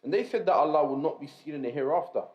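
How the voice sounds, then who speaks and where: A man with a voice on the high side reads a religious text aloud to a class in a measured, explanatory manner, pausing to gloss Arabic terms. The recording is roomy, dull, and lo-fi.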